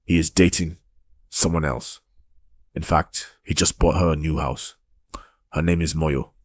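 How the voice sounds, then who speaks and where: A man's voice: very deep voice, steady tone, unhurried. A man voicing a nervous security chief.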